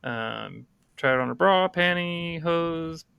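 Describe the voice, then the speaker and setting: A male podcast host with a gravelly, bright voice, recorded dry and close. He asks easygoing, curious questions in a casual interview. His pitch sits in the middle range. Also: lively intonation, takes it slowly, no room sound.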